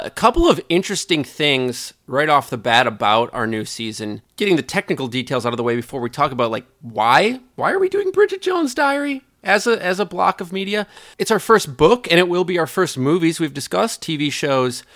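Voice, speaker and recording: Bright, playful podcast host, man. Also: a little high, animated, brisk, no echo, clean studio sound. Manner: articulate, playful, self-aware. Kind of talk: casual podcast chat.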